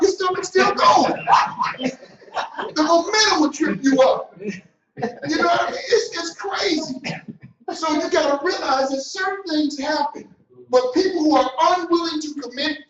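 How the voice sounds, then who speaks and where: A middle-aged man giving a motivational business talk, animated and preacher-like, swinging between loud and soft. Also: very high-pitched, normal speed. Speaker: business coach. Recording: roomy, distant, dull sound.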